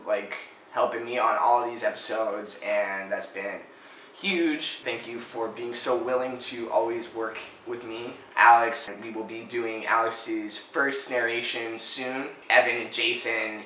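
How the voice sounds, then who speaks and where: A man who created the show giving a sincere, halting thank-you speech with many pauses and fillers. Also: lowish voice, sharp tone. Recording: echoey room with faint noise.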